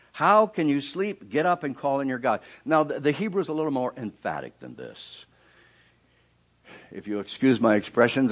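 A man preaching a sermon in church, telling the story with lively, animated delivery. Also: mid-range voice, lo-fi sound. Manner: animated storytelling, acting out quoted voices. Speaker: pastor.

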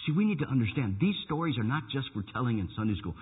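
A man preaching a sermon with animated storytelling, swinging from loud bursts to hushed asides. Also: medium pitch, fast, slightly rough. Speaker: pastor. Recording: tinny phone-like line.

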